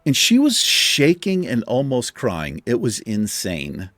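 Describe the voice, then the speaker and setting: Casual male host, salty storyteller, mid-pitched voice, close and dry. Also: wildly swooping pitch, takes it slowly, fairly bright tone, no echo, soft background music. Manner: profane, exasperated anecdote telling. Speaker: gaming channel host. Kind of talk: casual storytelling over gameplay.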